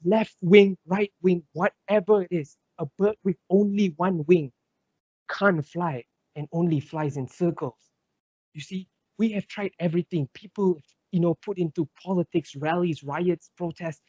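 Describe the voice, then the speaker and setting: Brief: young male debater, husky mellow voice, fervent rhetorical delivery, dull lo-fi dry sound. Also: high voice, fairly even intonation, moderate pace, no room sound. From Malaysia. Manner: impassioned, rhetorical, builds in lists and repetition. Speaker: student debater. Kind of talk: competitive debate speech.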